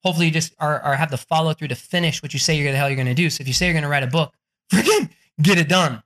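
Middle-aged man, book coach, profane, salesy, bright tense voice. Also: a little high, very fast. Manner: excitable, profane, jokey, salesy. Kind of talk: energetic podcast interview talk.

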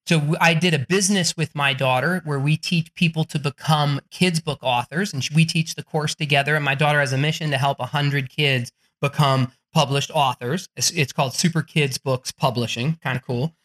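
A middle-aged man, an author and book coach, talking fast and excitably in a podcast interview, swearing and joking as he pitches. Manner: excitable, profane, jokey, salesy. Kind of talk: energetic podcast interview talk.

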